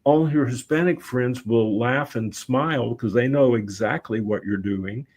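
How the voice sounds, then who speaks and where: A middle-aged man, a guest on a talk show, telling lively anecdotes in a relaxed conversational way and often quoting himself. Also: mid-range voice, measured pace. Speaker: guest, voice-over and public speaking teacher. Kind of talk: casual conversational storytelling.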